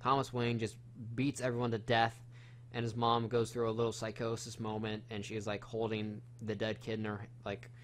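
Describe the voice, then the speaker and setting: A man's voice: fairly low pitch, monotone, moderate pace, slight background noise. Man rambling through a profane film recap. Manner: profane, rambling retelling with many fillers. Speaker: film reviewer. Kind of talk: casual film review chat.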